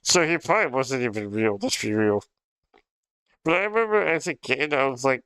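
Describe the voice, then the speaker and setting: A man's voice: medium pitch, lively intonation, normal speed, a bit bright, clean tone, dry recording. A young man livestreaming in casual chat, rambling and swearing with frequent laughs. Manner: rambling, profane, laughs often.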